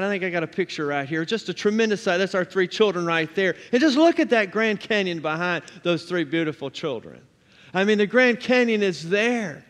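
A man's voice: sits high, fairly bright tone, big-room sound. A man in his forties preaching a sermon, building to emphatic calls and asking the congregation to answer. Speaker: pastor.

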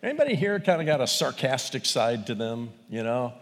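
A man preaching a sermon, animated, swinging between loud exclamations and quiet, quick asides. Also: mid-range voice. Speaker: pastor. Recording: long reverb of a large hall.

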